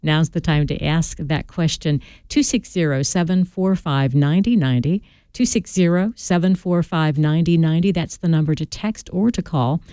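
Mellow woman radio host. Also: low-pitched, moderate pace, no echo. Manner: smooth, friendly announcing. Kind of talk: live call-in radio hosting.

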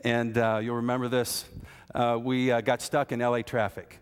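A man's voice: mid-range voice, flat delivery, normal speed, smooth. A man preaching a sermon, telling folksy stories and asking repeated rhetorical questions of his congregation. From American Midwest. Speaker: pastor. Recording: hall reverb.

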